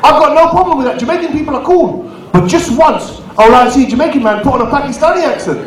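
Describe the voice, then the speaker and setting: Comic, very high voice, heard from afar in a roomy hall with a crowd murmuring, teasing the front row. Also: male voice, expressive. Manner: banters with the crowd, quick asides. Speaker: stand-up comedian and compere. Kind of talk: live stand-up comedy. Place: community venue hall. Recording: echoey hall, distant mic, audience.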